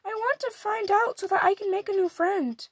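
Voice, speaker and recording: A woman's voice: extremely high pitch, moderate pace, no room sound, studio quality, pitched above the performer's own voice. A woman voicing a friendly, polite male wolf in a picture-book reading, speaking eagerly and courteously.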